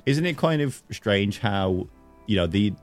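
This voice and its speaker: Man, podcast host, lowish voice, teasing and jokey, faint music behind. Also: animated, measured pace. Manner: teasing, playful joking. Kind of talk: casual podcast chat.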